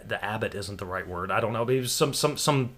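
An American man telling a long story in casual chat, animated and laughing, with some swearing. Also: on the low side, fast talker. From United States.

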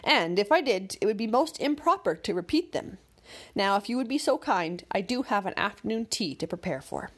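A woman's voice: medium pitch, animated, moderate pace, lightly acted. A woman voicing a stiff, proper storybook creature who speaks prim and impatient. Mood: stern. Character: stiff proper snobbish creature, fussy host.

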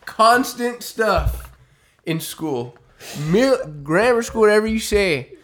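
A man's voice: high voice, expressive, slow pace, a bit bright. A young man co-hosting a podcast, joking around in crude, casual chat and tossing in "dude" all the time. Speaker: podcast co-host.

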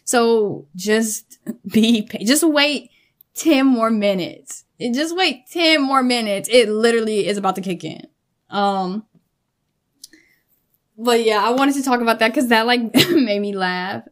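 Casting: chatty woman vlogger, higher-pitched, laughs a lot, loose swearing. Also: a little slow. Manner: animated, laughs often, swears casually. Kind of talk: casual storytelling chat.

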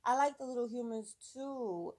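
A woman's voice: fairly high pitch, moderate pace, a little mellow. A woman in her thirties co-hosting a podcast, chatting candidly and playfully with bawdy banter. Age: 30s. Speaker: podcast co-host. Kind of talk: casual chat.

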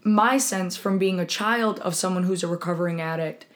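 A woman's voice: lowish voice, moderate pace. A woman in her twenties co-hosting a podcast, talking candidly in casual chat and acting out quotes as she tells stories. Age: 20s. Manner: candid, animated storytelling with acted-out quotes. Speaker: podcast co-host.

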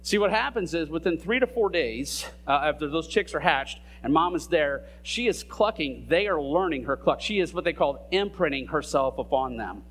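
A man's voice: on the high side, lively intonation, moderate pace, few pauses, a bit bright. A man preaching a sermon in a conversational way, with fillers and casual asides between scripture readings. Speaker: pastor.

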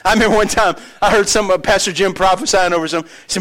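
A middle-aged man preaching a sermon as pastor, telling stories with animated energy and dropping to quiet, earnest emphasis. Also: high-pitched, quick pace, few pauses. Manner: animated storytelling that shifts between loud excitement and quiet earnest emphasis.

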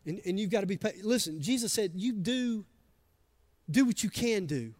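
Preaching in a church sanctuary, a man with a high-pitched, darkish voice keeps an animated delivery at normal speed. He's conversational and emphatic with the congregation, often performing what people say.

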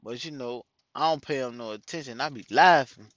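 A middle-aged father rambles loosely through casual stories for his followers, swearing freely and working "man" into nearly every sentence. His mid-range voice runs a little fast and sounds a bit bright. The audio is dull, with no echo.

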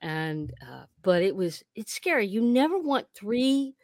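A woman co-hosts a comedy podcast from home over a video call. Her pitch swings widely as she tells an animated story. The sound is dry and close. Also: measured pace, no room sound. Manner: animated anecdote teller, acting out quotes. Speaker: podcast co-host. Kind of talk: casual storytelling.

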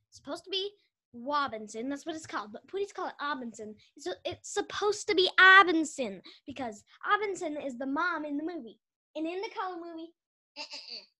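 This woman's voice sits high with a sharp tone. Hosting a podcast, she rambles through a story casually, giggling, restarting frequently, and leaning heavily on "like."

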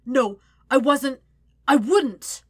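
A woman voicing a hot-tempered teenage prince who shouts and pleads desperately, in a fiction reading. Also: high voice, very slow, no room sound, pitched above the performer's own voice, exaggerated voice.

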